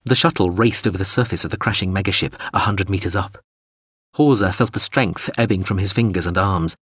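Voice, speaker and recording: A man reads an audiobook in a steady, dramatic voice. His tone is low and slightly husky. The recording is dry and close, with no room sound. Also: fairly quick, no room sound. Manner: steady, dramatic reading of an action scene. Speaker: narrator. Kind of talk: audiobook narration.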